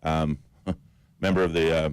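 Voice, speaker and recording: A man's voice: extremely low pitch, a little slow, clean tone, no echo, poor audio. A man with a Caymanian accent co-hosting a radio talk show, running through lists of names with fillers. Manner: steady list-reading with fillers. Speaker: radio co-host. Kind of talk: radio talk about election candidates. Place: radio studio.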